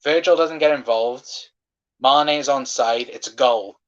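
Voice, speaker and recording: A man's voice: medium pitch, unhurried, highs cut off. Ranting, swearing football fan man. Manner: passionate, swearing, ranting at referee decisions. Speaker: fan watchalong host. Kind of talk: live football watchalong commentary.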